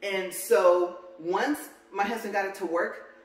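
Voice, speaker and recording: A woman's voice: medium pitch, steady tone, slow. A woman vlogging casually while walking on a treadmill, out of breath and rambling as she corrects herself. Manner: rambling, self-correcting chatter. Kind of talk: casual walk-and-talk vlog. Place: home room on a treadmill. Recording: roomy, distant home recording.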